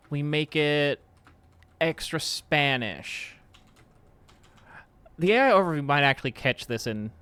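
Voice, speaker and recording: A man's voice: a little high, sharp tone, smooth, dry recording. A man hosting a casual live stream, rambling with lots of fillers and joking about how words get pronounced. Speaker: podcast host streaming.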